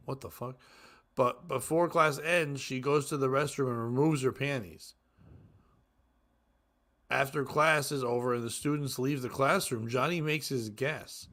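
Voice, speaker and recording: A man co-hosting a comedy podcast, reading crude jokes aloud and breaking into loud laughter. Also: medium pitch, a little slow. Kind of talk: casual comedy podcast chat.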